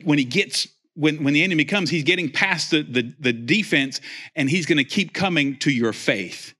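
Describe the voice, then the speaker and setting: A man preaching a lively sermon, swinging up to near-shouts and dropping into joking asides. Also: on the high side.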